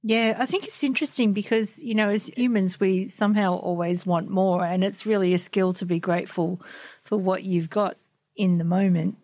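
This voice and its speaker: A woman's voice: mid-range voice, steady tone, normal speed, a little mellow, no echo. A woman hosting an interview, asking questions in an encouraging manner. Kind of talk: casual interview talk.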